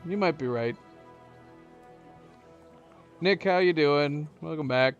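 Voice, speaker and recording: Slow, musing male streamer. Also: a little high, lo-fi sound, faint music behind. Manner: musing, rambling aloud with chuckles. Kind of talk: casual gameplay commentary.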